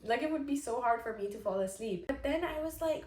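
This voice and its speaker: A woman's voice: on the high side, a little fast. Earnest woman vlogger in an echoey room. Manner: earnest, animated, with many fillers. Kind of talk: casual talk to camera.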